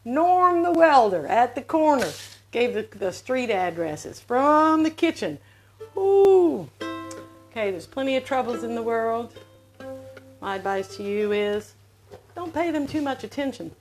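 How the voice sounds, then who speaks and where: A woman's voice: a little high, big pitch swings, measured pace, soft background music. A woman host with a Southern US accent, chatting in a folksy, rambling way from her home. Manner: folksy, chatty, wandering from topic to topic. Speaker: show host. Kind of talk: casual rambling monologue. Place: home during lockdown.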